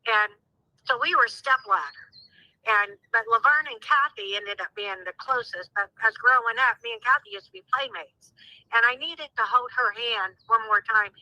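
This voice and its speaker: A woman's voice: on the high side, moderate pace, bright, forceful tone, no room sound. Emphatic woman on a phone line. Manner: emphatic, repetitive, heartfelt. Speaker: guest, sister of a crime victim. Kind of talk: emotional phone interview.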